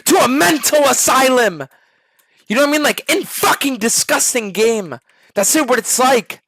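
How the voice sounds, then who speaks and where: A young man streaming a game, ranting to his chat in a profane, exasperated way that swings from shouting to muttering. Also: very high-pitched, lively intonation, moderate pace, no echo.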